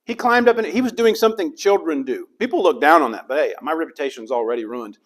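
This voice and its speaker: A middle-aged man preaches a sermon as a pastor, with a voice that sits a bit high for a man. He delivers it dramatically and slips into the voices of the people in the story. His delivery rises and falls as he tells the story. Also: lively intonation, fast talker. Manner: dramatic, acts out the crowd's and Jesus' lines.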